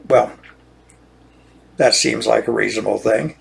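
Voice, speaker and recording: A man's voice: fairly low pitch, fairly even intonation, moderate pace, vocal fry, pauses often, a bit bright. An older man, a retired lawyer, talking in an indignant, repetitive monologue, often restarting his phrases. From United States. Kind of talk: monologue rant.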